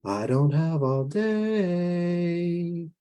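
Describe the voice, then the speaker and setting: A man voicing a giant, sly male bird that speaks in a lilting, sing-song way, dark and sweet. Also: sits high, lively intonation, very slow, voice pushed up, exaggerated voice. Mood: coaxing.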